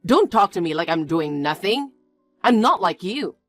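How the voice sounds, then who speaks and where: A woman's voice: on the low side, very animated, normal speed, faint music behind. A woman voicing a defensive, bossy young man who talks in a curt, scolding way. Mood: irritated.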